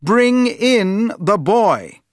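A man's voice: high voice, extremely slow, dry recording, clean studio sound, pitched above the performer's own voice, exaggerated voice. A man voicing a proud young boy prince who gives orders and talks eagerly, in a storybook reading. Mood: commanding. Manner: orders loudly, lively and eager.

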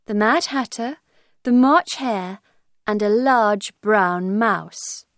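A woman narrating a graded reader story for learners, reading slowly, clearly and deliberately. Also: on the high side, no room sound, clean studio sound.

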